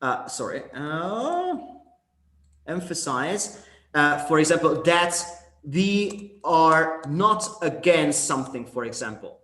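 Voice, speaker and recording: In a roomy-sounding online workshop, an Argentine Spanish-accented man teaches English debate phrases in a slightly high, bright, forceful voice. He hesitates and leans on lots of fillers while frequently checking with his students.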